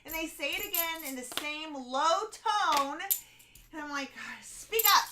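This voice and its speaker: A woman's voice: sits high, steady tone, moderate pace, background noise. A woman co-hosting a casual live stream, reading out super chats and laughing often. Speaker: co-host reading donations.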